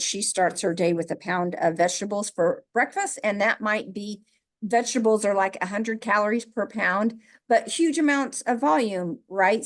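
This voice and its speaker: A middle-aged woman from the American Midwest, co-hosting a casual podcast conversation, emotional and laughing easily as she talks. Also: medium pitch. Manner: emotional, laughs while talking. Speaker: podcast co-host.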